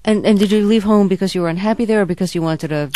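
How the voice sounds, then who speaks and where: A woman's voice: medium pitch, very fast, warm tone, a little hiss or hum. A woman interviewing a guest, asking questions with frequent hesitations and repeated words.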